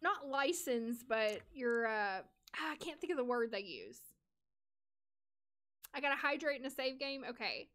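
High-pitched gal streaming a sim game, chatty, talks to chat and her sims. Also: very animated, a little slow, a bit bright. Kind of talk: casual chat while playing a life-sim game on a live stream.

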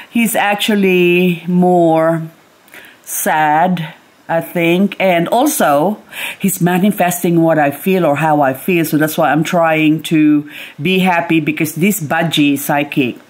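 Slow, low-pitched woman chatting at home. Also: animated. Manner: soft, slow and chatty, baby-talks to her pet bird. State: grieving, recently teary. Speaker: gardening vlogger. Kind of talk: casual chat to camera. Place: home, indoors.

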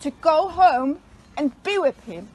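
Woman from poland, high voice, pleading, emotional, outdoors. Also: sing-song, a little slow, dark tone. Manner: pleading, emotional, repeats herself. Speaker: person being arrested. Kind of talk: street argument.

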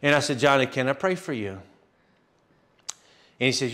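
A man's voice: mid-range voice, expressive, moderate pace, fairly bright tone. A man pastor telling a testimony in a sermon, acting out dialogue and laughing often. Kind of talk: sermon storytelling.

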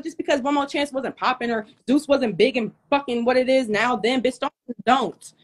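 A woman with a fairly high voice rants on a live stream, furious, profane and confrontational. She is worked up, hot and sweating, and she keeps hammering her point straight into her phone. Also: moderate pace. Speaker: livestream host. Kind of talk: heated livestream rant.

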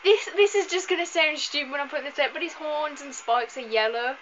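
A tired young woman hosts a let's play, chatting casually over the game and joking when she trips over hard words. Her voice is high, fairly bright, and a little fast. The lo-fi recording sounds slightly dull, with slight background noise.

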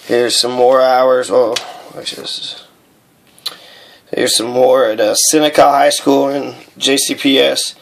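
A man casually talking through his paperwork, halting and aggrieved, with many fillers. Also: medium pitch, level tone, gravelly. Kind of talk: casual vlog walkthrough of documents.

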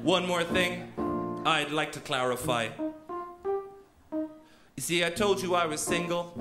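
Man, comic singer, deadpan, very high voice, loud piano, roomy echo. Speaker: comedy singer. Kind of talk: comic song. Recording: roomy stage sound with piano.

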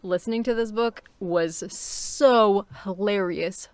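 A woman's voice: medium pitch, a little slow, hardly any pauses, no echo. A woman with a Californian accent, talking casually about a book she read, rambling with fillers and little laughs. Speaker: book reviewer. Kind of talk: casual book review talk. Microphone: home recording, unedited.

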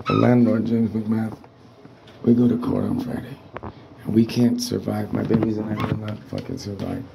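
Agitated man, profane home rant, flat gravelly delivery, noisy recording. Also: fairly low pitch, normal speed. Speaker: tenant vlogger. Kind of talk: angry rambling rant. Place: apartment indoors.

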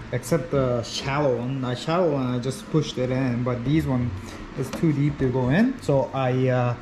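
A man's voice: mid-range voice, background noise. A man who wraps cars, narrating his shop work casually with many fillers and restarts. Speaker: vinyl wrap installer. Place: workshop.

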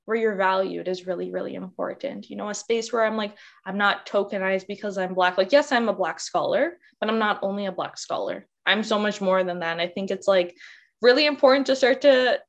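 A woman's voice: mid-range voice, fairly quick, gravelly, dull audio. A woman speaking as a panelist in a candid discussion, passionate and outspoken. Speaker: workshop panelist.

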